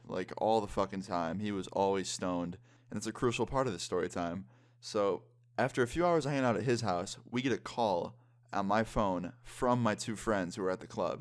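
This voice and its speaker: A man's voice: on the low side, smooth. A man in his twenties telling a story-time vlog in a casual way, swearing often. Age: 20s. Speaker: vlogger.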